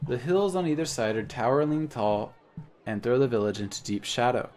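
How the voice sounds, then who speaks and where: A man's voice: mid-range voice, animated, normal speed, a little mellow. A man playing a text game, reading its story aloud and adding casual comments in between. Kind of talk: let's-play narration and commentary.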